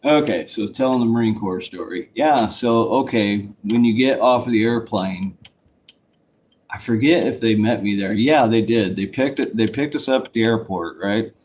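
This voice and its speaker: A man's voice: fairly low pitch, normal speed, a little mellow, slight background noise. Rambling, profane man telling stories. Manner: rambling, profane, loose and conversational. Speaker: vlogger telling a life story. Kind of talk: casual storytelling.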